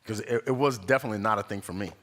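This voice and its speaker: A young man giving a conversational sermon at a spiritual center, an animated storyteller who acts out the voices in his stories and laughs often. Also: fairly low pitch, racing. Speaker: guest speaker at a spiritual center. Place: church sanctuary.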